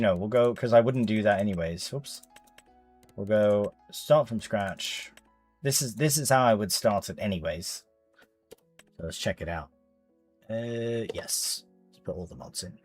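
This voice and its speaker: A man's voice: fairly low pitch, darkish tone. A man, live-streaming a farming game and chatting casually with viewers as he plays. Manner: chatty, reads chat aloud, British slang.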